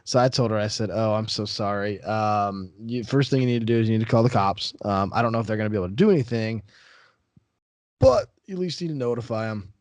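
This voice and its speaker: A man with a low, dry-sounding voice talks casually on a podcast, recounting a story about a caller. He gets animated and his pitch jumps up when he gets worked up. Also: fast talker, no room sound. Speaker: podcast host, real estate broker.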